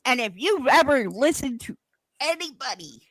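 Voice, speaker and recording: Woman streamer, high-pitched and unhurried, swears freely, home livestream chat. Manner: blunt and profane, animated storytelling. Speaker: live streamer.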